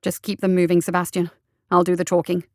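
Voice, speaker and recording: A woman's voice: fairly low pitch, completely flat delivery, a little mellow, no room sound, clean studio sound, natural voice. A woman voicing a nervous, scheming male doctor who stammers and fumbles his words. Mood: flustered. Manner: stammering, hurried and eager to please.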